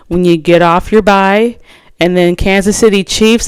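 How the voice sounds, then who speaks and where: A woman's voice: lowish voice, slow, long pauses, a little mellow, clean tone. A woman host chatting casually and alone about her fantasy football picks, rambling with lots of restarts and fillers. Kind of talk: casual solo chat.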